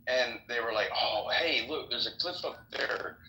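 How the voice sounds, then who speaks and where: A man's voice: mid-range voice, a little slow, pushed and bright. A man chatting casually on a podcast, rambling and swearing as he tells jokes. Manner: profane, rambling storyteller. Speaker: podcast host. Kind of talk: casual chat, telling jokes. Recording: echoey room with faint noise.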